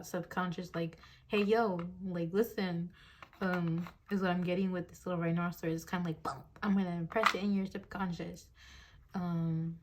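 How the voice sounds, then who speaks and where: A woman's voice: fairly low pitch, slight background noise. Young woman in her twenties, casual tarot reader, giggly, rambling, filler-heavy, phone on a desk mount. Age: 20s.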